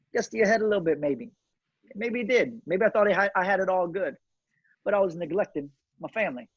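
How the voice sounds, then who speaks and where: A man's voice: high-pitched, animated, quick pace, slightly rough, no room sound. A middle-aged man, a guest in a casual interview, telling a personal story earnestly with many fillers and restarts. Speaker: cigar company owner, guest. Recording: dull, dry lo-fi audio.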